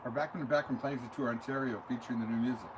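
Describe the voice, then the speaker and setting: An older man sits in a recording studio and talks through his answers in a relaxed, wandering way. He is a musician being interviewed, and he drifts from one example to the next at a mid-range pitch. A constant hiss of background noise sits under his voice. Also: rapid-fire.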